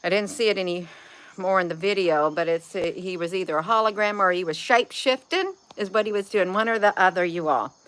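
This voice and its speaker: A woman's voice: fairly low pitch, brisk, a bit bright, clean tone. A woman vlogger talking to camera in a rambling, folksy, chatty way. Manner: folksy, chatty, drifts between topics. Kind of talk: rambling casual monologue.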